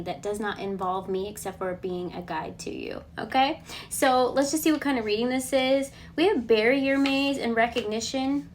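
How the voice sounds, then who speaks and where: A woman giving a casual collective tarot reading, relaxed and reassuring. She thinks aloud and often checks in with a questioning "okay?". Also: a little high, slight background noise. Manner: chatty, ends points with a questioning "okay?". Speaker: tarot card reader.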